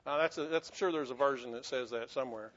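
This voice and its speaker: A man with a mid-range, fairly bright voice preaches at a quick pace as a pastor. He's earnest and emphatic, often restarting his phrases and rising into emphatic bursts, captured on a dull lo-fi recording.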